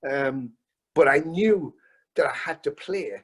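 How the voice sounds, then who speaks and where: A man in his fifties, a musician guest on a video call interview, telling stories in a lively, casual way, swearing freely and often restarting his sentences. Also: fairly high pitch, slow pace, breathy edge.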